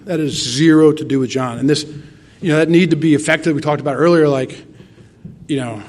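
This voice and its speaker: Earnest storytelling man, slightly high voice. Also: brisk. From Tennessee. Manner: earnest, rambling storytelling with quoted dialogue. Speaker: recovery meeting speaker. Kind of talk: personal testimony talk.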